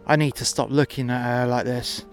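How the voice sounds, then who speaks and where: A man's voice: mid-range voice, little pitch movement, normal speed, faint music behind. A man narrating a first-person sci-fi story in a casual, sweary, rambling way.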